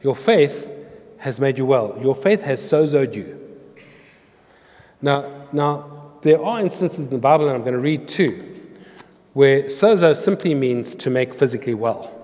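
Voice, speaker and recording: A man preaching in an earnest, storytelling way, with his voice at a middle pitch for a man. A long reverb trails his words through a large hall, as if from a church. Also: lively intonation, measured pace, long pauses, darkish tone. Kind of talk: sermon with scripture reading.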